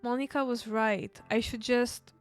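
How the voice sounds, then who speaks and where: A woman reading the lines of a sweet, sad teenage girl from a game in a soft, plain voice. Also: on the high side, steady tone, a little slow, faint music behind, natural voice.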